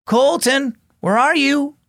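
In a storybook reading, a man voices an earnest, apologetic boy babysitting his little brother, calling out in a high voice pitched above his own. His intonation is lively and his pace a little slow, on a dry, clean studio recording.

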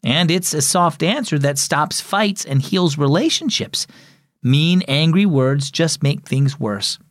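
Man doing a patient, gentle mom. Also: on the high side, slow, no echo, studio quality. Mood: warm. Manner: gentle, reassuring. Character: calm patient mother.

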